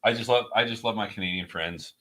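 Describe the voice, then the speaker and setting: A man's voice: lowish voice, fast talker, bright, forceful tone. A man from New York with a faint New York accent, co-hosting a radio talk show and joking bluntly. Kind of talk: casual chat.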